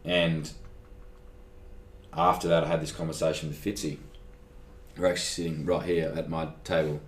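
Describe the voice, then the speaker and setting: A young Australian man, an athlete appearing as a guest, tells a personal story in a casual interview, animatedly acting out conversations and saying "like" a lot. His voice is a rumbling low at a moderate pace. The room is echoey.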